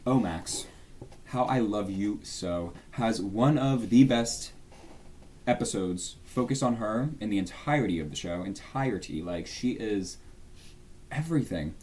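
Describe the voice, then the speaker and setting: A man's voice: lowish voice, lively intonation, unhurried, darkish tone, a little hiss or hum. A young man chatting casually as a YouTuber, gushing and rambling about his favourites. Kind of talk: casual fan tier-list chat.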